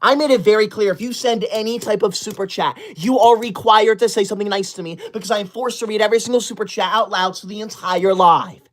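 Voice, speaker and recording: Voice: medium pitch, fast talker, hardly any pauses. A prim, self-important livestreamer reads out viewer messages while playing an over-the-top teacher's pet. The delivery is bossy and indignant, laying down rules and scolding anyone who steps out of line. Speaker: livestreamer reading viewer super chats.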